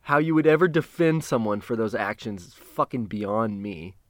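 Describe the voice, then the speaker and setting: A man telling a personal story in a casual, profane way, halting and restarting, with sudden louder bursts. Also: lowish voice, lively intonation, dry recording, clean studio sound.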